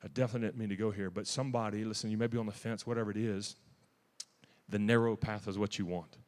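A man preaching a testimony-style sermon in a church. He is emphatic and zealous, with restarts and sudden loud bursts. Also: lowish voice, fairly even intonation, quick pace, big-room sound.

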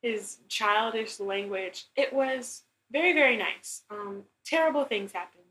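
A woman's voice: a little high, unhurried, a bit bright, slight background noise, poor audio. A young woman co-hosting a casual chat, blunt and exasperated, with lots of "like" and restarts. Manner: blunt, exasperated, heavy filler use. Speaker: co-host.

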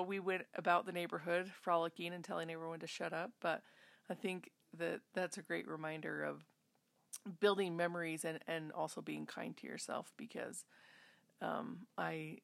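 Woman, 30s, host; low, gravelly, close and dry; chatty and reflective. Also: steady tone, moderate pace, a bit bright, no echo. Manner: chatty, self-interrupting, reflective. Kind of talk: casual chat.

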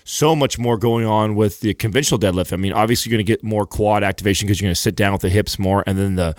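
A man on a fitness podcast explains training in a loose, relaxed way. His voice sits on the low side. The recording is close and dry. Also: fast, no room sound. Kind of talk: casual explanatory chat.

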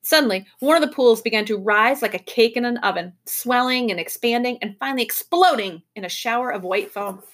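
A woman teacher reading a children's novel aloud to her class in an expressive, lively way. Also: fairly high pitch, fairly quick, few pauses.

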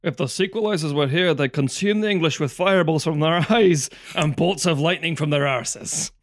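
A man's voice: fairly high pitch, normal speed, dry recording, natural voice. A man voicing a fiery, boastful Scottish rebel in a put-on Scottish accent, bellowing theatrically. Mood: ranting.

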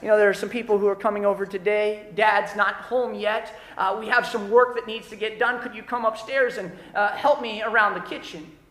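A man's voice: sits high, steady tone, a little fast, hardly any pauses, pushed and bright. A pastor playing a busy mother who keeps asking her son to help around the house, in a roomy church hall. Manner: calling out, mildly insistent.

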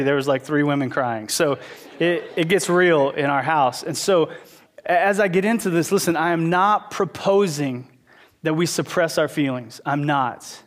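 Man, thirties, pastor, sermon, fairly high voice, animated, acts out quotes.

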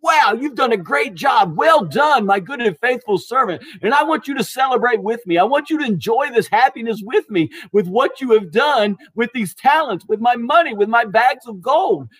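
A man voicing a demanding wealthy master in a retold parable, emphatic and loud in praise and rebuke. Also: high voice, sing-song, normal speed. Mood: praising. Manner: emphatic, praising loudly then scolding.

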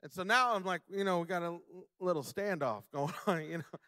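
A young man preaching a sermon, slowing down to stress key words and building to loud, emphatic passages. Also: high-pitched, no echo, clean studio sound. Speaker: pastor; father.

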